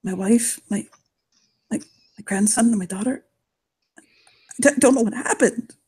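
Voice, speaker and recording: A broken old werewolf guard, as a woman plays him at the table, stumbling over his words as he tells of his lost family. The voice sits fairly high, with halting, faltering phrasing and rough language. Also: dark tone. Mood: grieving. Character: grieving elderly male werewolf guard, crude-mouthed. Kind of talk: in-character tabletop role-play.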